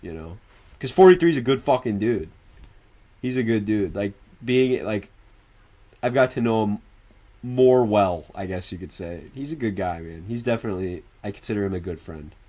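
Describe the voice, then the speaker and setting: A man's voice: on the low side, lively intonation, moderate pace, warm tone. Male streamer, loose and profane, chats and laughs with his viewers. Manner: answers viewers directly. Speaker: livestreamer. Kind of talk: casual stream chat.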